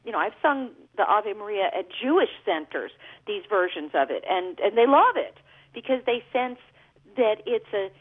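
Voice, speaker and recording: A woman's voice: medium pitch, sing-song, normal speed, breathy edge. Chatty woman on a tinny phone line. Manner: chatty, warm storytelling with laughs. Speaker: guest singer. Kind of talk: casual radio interview.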